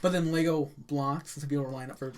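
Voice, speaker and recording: A woman co-hosting a casual podcast chat, telling a story in a halting, apologetic way with giggles. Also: low-pitched, fairly even intonation, heavy background noise. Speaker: podcast co-host.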